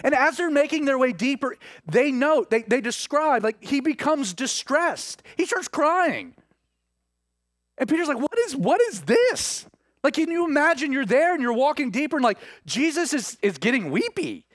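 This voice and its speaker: High-voiced preacher, storytelling. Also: male voice, animated, normal speed, fairly bright tone, dry recording, clean studio sound. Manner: storytelling, acts out quoted speech with restarts. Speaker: pastor. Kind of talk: sermon.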